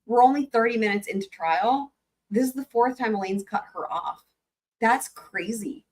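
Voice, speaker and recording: A woman's voice: a little high, normal speed. A woman hosting a live stream, chatting casually and laughing while reacting to trial footage, swearing freely.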